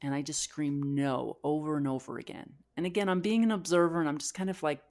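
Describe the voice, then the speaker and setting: A woman with a notably low-pitched voice tells a deeply personal story on her podcast. She speaks candidly and openly, circling back with fillers and restarts as she works through what happened. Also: fairly even intonation, a little fast, a little mellow. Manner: candid, emotional retelling with frequent fillers and restarts. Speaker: podcast co-host.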